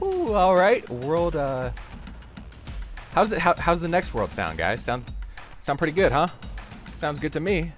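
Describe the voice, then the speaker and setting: A young man narrates his gameplay in a goofy, rambling way, chatting straight to the viewer. His voice swings widely up and down and bursts into sudden loud outcries. Faint game music plays quietly behind him. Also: a little high, very animated, measured pace, pauses often. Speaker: gaming YouTuber. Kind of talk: playful game commentary.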